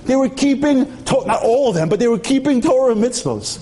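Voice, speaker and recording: A man's voice: extremely high pitch, expressive, dark tone. A man giving a storytelling sermon with humor at a memorial tribute, emphatic, asking rhetorical questions and acting out dialogue. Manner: acts out dialogue with quick shifts of voice.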